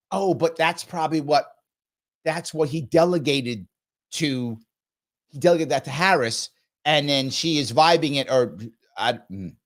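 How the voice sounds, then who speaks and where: A man hosting a live reaction show, commenting on a clip in a sarcastic, mocking way. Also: fairly high pitch.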